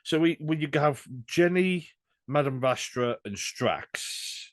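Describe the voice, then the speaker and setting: Animated man chatting. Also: a little high, slow. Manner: animated, jokey, bursts into silly voices. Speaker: voice actor guest. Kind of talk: casual chat.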